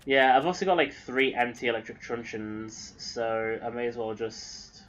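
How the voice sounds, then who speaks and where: A man's voice: mid-range voice, steady tone, moderate pace, a bit bright, slight background noise, rough recording. An English man giving rambling, casual commentary while streaming a video game, swearing now and then. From England.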